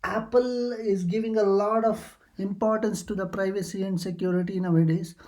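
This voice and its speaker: In a casual screen-recording walkthrough, a tutorial host steps through computer settings, hesitating often with uh fillers and restarts. The voice is mid-range and mellow, with a steady tone and moderate pace.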